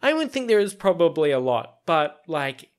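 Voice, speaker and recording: A man's voice: on the high side, big pitch swings, moderate pace. A young Australian man hosting a casual solo podcast. He rambles and meanders, with lots of fillers and little laughs. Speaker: podcast host.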